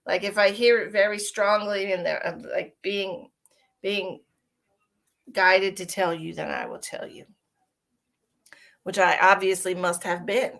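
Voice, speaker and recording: A woman's voice: medium pitch, fairly even intonation, measured pace, gravelly, pauses often, fairly bright tone. A middle-aged woman, chatting casually and rambling on a live stream as a psychic medium, giggly and affectionate with her viewers.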